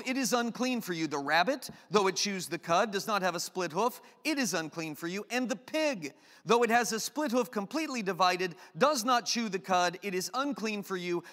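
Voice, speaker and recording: A man's voice: sits high, fairly bright tone, big-room sound. A man preaching a sermon as pastor, conversational and joking, with off-topic asides.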